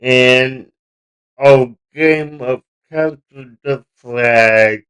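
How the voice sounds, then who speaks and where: A man playing a tabletop game, speaking in a halting, casual way. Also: medium pitch, fairly bright tone, clean tone. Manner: slow, halting player. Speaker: player.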